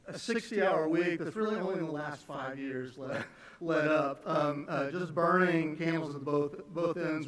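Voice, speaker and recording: A man speaking as a son giving a eulogy at a memorial. He is emotional and halting, restarting often between fillers. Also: fairly high pitch. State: emotional, on the edge of tears. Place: large church sanctuary. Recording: echoey church from a distance.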